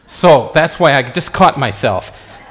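A middle-aged man preaches in a reverberant church hall, his mid-range voice lively in intonation, fairly bright, and slow in pace. As pastor, he mixes jokes into the sermon, wandering chattily and breaking off his own thoughts.

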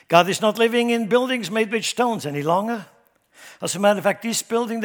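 A man preaching a sermon who speaks emphatically, swinging his loudness up and down and asking his congregation rhetorical questions. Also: a little high. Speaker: pastor. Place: church sanctuary. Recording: long hall reverb.

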